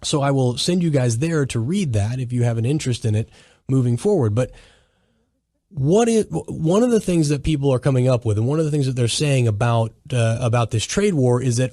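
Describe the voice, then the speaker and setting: A man's voice: medium pitch, animated, a little fast, dark tone, no echo, clean studio sound. A man hosting a solo commentary podcast, talking emphatically in a lecturing way and often restarting his sentences. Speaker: podcast host.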